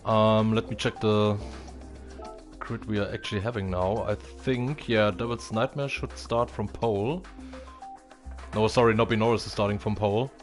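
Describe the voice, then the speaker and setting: A man's voice: on the low side, fairly even intonation, moderate pace, faint music behind. A man commentating a racing stream in casual chat, hesitant and full of fillers.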